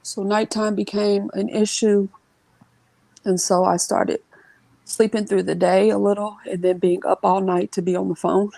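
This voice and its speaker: A woman telling an emotional family story as an interview guest, earnest and halting, sometimes acting out what others said. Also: medium pitch, level tone, vocal fry, dark tone, no echo, poor audio.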